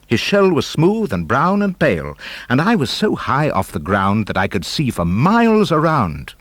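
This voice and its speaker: A man reading children's comic verse with a very animated, theatrical delivery, his pitch leaping and dropping with the rhythm. His voice sits at a middle pitch, and the studio sound is close and dry. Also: moderate pace, dry recording. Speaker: audiobook narrator. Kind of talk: expressive storybook verse reading.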